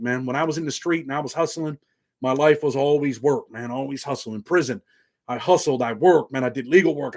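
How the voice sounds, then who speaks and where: Casting note: forties male vlog host, New York native with a slight country twang, laid-back and streetwise. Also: mid-range voice. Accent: slight Southern country twang. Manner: laid-back, streetwise, drops "man" constantly. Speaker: channel host. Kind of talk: casual monologue to viewers.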